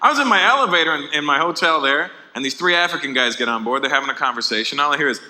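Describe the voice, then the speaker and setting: A man from Canada doing a stand-up comedy set, telling animated stories with impressions before a live audience. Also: on the high side, racing, big-room sound, poor audio.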